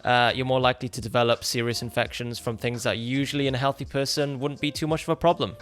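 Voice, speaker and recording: British guy, doc doing a reaction vid, jokey and sarcastic, mid-pitched, bit of music low behind. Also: fairly even intonation, quick pace, a bit bright, smooth. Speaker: doctor reacting to a cartoon. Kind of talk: casual reaction commentary. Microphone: USB dynamic mic.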